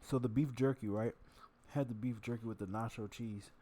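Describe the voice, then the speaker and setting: A man's voice: medium pitch, steady tone, moderate pace, warm tone. A man vlogging while he eats, rambling casually, cursing and poking fun at himself. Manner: self-mocking, profane, chatty.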